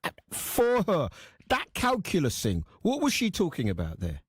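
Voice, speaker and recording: A man's voice: sits high, wildly swooping pitch, moderate pace, husky, no room sound, studio quality. A male radio host, teasing and acting out little anecdotes as he leads the chat. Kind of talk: radio talk show. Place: radio studio.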